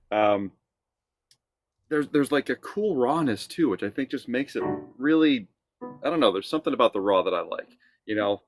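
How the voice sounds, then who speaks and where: A man co-hosting a music reaction show as songwriter, talking in a relaxed, halting way with repeated words. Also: mid-range voice, dry recording. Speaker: songwriter co-host. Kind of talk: casual music reaction chat.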